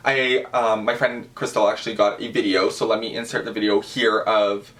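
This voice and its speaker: A man's voice: fairly low pitch, moderate pace. A young man, telling a celebrity-meeting story in a casual vlog, gushing and full of fillers. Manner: gushing, animated, with many fillers. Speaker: vlogger.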